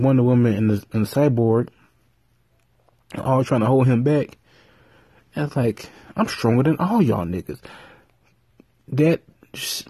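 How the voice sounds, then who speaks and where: A vlogger chats casually, rambling and swearing freely as he tells his stories with animation. His voice is husky and mellow, sitting at a middle pitch, and the recording is dry with no room sound.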